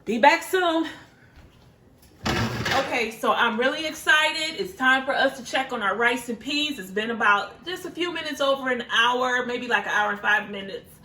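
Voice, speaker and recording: Chatty mom cooking in a sizzling kitchen. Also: female voice, a little high, moderate pace, sharp tone, echoey room, distant mic. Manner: chatty, apologetic, laughs at her own mistakes. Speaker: home cook, mother. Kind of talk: casual cooking vlog. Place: home kitchen. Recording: voice a little off-mic, noisy kitchen. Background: sizzling frying pan and clicks.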